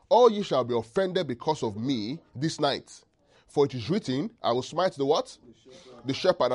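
Lively call-and-response preacher, a man. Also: medium pitch. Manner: call-and-response, asks congregation to finish verses; checks in often with the listeners. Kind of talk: sermon.

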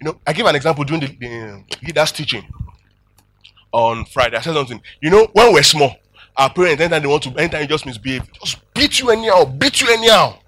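A man preaching a sermon as a pastor, animated, laughing often and checking in with his listeners. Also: fairly high pitch, fast.

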